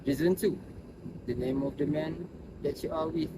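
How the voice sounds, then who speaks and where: A man doing a cold, clipped gang boss, voice slightly high, distant mic, loud noise behind. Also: fairly even intonation, normal speed, close to an everyday voice. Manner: clipped, accusing, flares into shouting. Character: hard, cold male gang leader.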